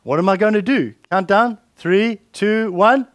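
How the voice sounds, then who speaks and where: A man's voice: sits high, measured pace, no room sound, clean studio sound. A man preaching a conversational sermon, often repeating words and asking the listeners questions.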